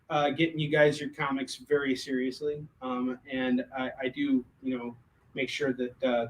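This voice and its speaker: A man's voice: medium pitch, fairly bright tone, a little hiss or hum. A man hosting a live stream where he sells comics, in loose casual chat that jokes, swears and stumbles over its own words. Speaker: host selling comics live.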